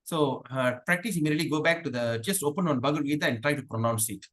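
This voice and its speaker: Male teacher, fairly high voice, chatty devotional class, slow chanted verses. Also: fairly bright tone. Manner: sings verses slowly in a chant; chatty, asks the class questions. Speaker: spiritual teacher.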